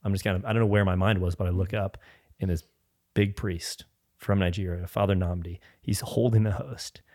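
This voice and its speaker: A man's voice: deep voice, steady tone, brisk, warm tone, dry recording, studio quality. A man sharing a personal faith testimony as a podcast guest, rambling, with frequent restarts and filler words.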